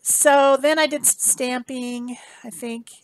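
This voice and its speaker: A woman's voice: sits high, steady tone, slow pace. Chatty woman explaining her art process. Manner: chatty, rambling, self-correcting. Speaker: art instructor. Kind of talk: casual craft demonstration voice-over.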